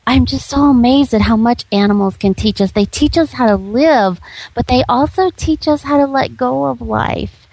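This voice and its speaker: Gravelly-voiced woman radio host. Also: on the high side, moderate pace, a little mellow, no echo, low-quality recording. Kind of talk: casual chat.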